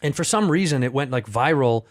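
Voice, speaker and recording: A man's voice: medium pitch, a little fast. A male comedian guest in casual podcast chat, telling stories animatedly with lots of laughter and swearing. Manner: animated, laughing storyteller, profane.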